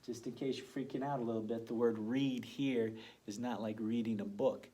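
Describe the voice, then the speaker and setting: This is a male teacher with a medium-pitched, steady voice giving children an early reading phonics lesson. He sounds out the letters slowly and deliberately, staying gentle and encouraging.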